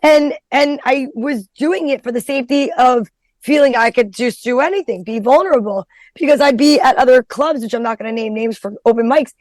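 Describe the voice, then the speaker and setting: High-voiced blunt woman comedian, dry sound. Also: a little fast, a little mellow, no room sound. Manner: blunt, profane, storytelling. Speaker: stand-up comedian, podcast guest. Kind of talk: casual podcast chat.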